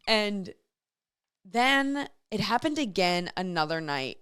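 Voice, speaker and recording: A woman's voice: mid-range voice, lively intonation, a little slow, a bit bright, smooth, no room sound. A woman hosting a radio show solo, telling a story in a chatty way and reading listener messages aloud. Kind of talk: casual solo radio chat.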